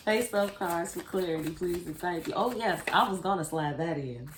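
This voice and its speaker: Low-voiced blunt woman reading cards, echoey. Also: moderate pace, few pauses. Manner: blunt, profane, talks straight to the viewer. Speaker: tarot card reader. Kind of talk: casual spiritual card reading. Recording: echoey room with faint noise.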